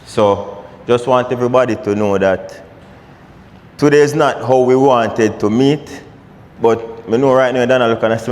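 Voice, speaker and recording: A man's voice: medium pitch, normal speed, a little mellow, long reverb tail. A man giving an earnest, emphatic spoken tribute at a memorial gathering. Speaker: funeral tribute speaker.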